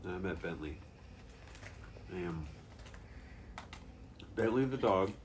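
Young guy, very low pitch, casual swearing storyteller, faint noise behind. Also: expressive, takes it slowly. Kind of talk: casual chat.

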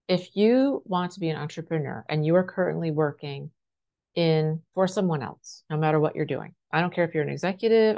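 A woman's voice: low-pitched, darkish tone. A woman life coach giving a motivational talk to camera, speaking directly, asking rhetorical questions and often checking in with "right?".

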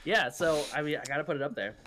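Casual male co-host, higher pitch, loose filler-heavy chat. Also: fast talker, crowd noise. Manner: relaxed, filler-heavy rambling. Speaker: podcast co-host.

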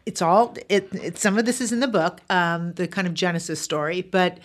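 A woman's voice: on the low side, moderate pace. Candid woman author talking casually. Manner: candid and animated, with frequent fillers. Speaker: author and guest. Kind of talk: casual interview talk.

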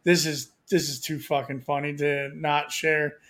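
Rambling, slightly high-voiced male co-host. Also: steady tone, a little slow, hardly any pauses, sharp tone. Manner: rambling, with many fillers and restarts. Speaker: podcast co-host. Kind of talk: crude casual chat.

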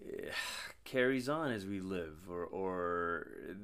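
A man with a fairly low voice talking through a psalm in casual discussion. He listens closely, murmurs agreement, and builds his questions in halting restarts. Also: expressive, a bit bright, clean tone. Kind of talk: conversational Bible study.

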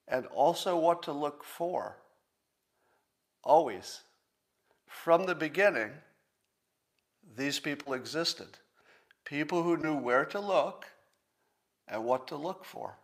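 A man in his sixties hosting a solo commentary show, talking in an emphatic, sarcastic and profane way and repeating points slowly for emphasis. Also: fairly high pitch, expressive. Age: 60s. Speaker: podcast host.

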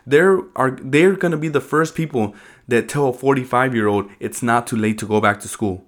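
Man, podcast co-host, casual rambling storyteller, slangy, mid-pitched voice. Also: moderate pace. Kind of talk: casual chat.

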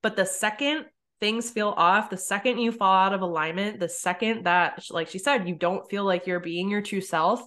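Woman podcast host chatting casually, animated storyteller, says like a lot. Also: mid-range voice, normal speed. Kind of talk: casual interview chat.

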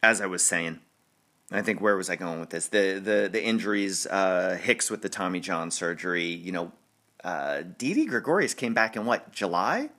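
Chatty New man, bright voice. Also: sits low, lively intonation. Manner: rambling, chatty, laughs often, quick restarts. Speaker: podcast host. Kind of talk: casual sports podcast chat.

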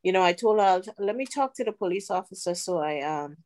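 A middle-aged woman sharing a personal testimony as a podcast guest, earnest and unhurried with pauses. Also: fairly low pitch, expressive, darkish tone. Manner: earnest, slow storytelling with pauses.

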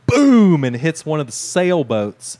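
A man's voice: medium pitch, moderate pace. A man co-hosting a podcast, telling a rambling, profane story in casual chat. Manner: rambling, profane, animated when telling stories. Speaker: podcast co-host.

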